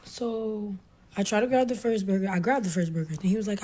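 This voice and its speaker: A woman's voice: medium pitch, brisk, mellow. A young adult woman caller telling a long story in casual, rambling talk over a phone connection, filling gaps with "blah, blah".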